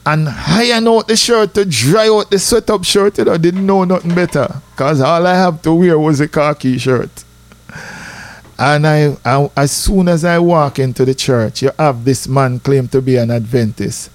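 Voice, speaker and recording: Jamaican man, casual storytelling, somewhat high voice, dry close sound, animated. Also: moderate pace, dry recording. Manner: animated, repeats "you know", rises in pitch for drama.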